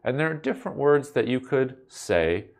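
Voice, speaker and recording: A man's voice: medium pitch, very animated, normal speed, gravelly. A man teaching a recorded coding lesson at his computer, in a playful, wry way with jokey asides to the viewer. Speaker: instructor.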